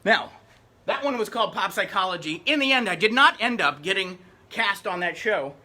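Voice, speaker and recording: A man's voice: high-pitched, pushed and bright. A middle-aged man, a rapper chatting upbeat between songs during a live-streamed performance. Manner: chatty, upbeat stage patter.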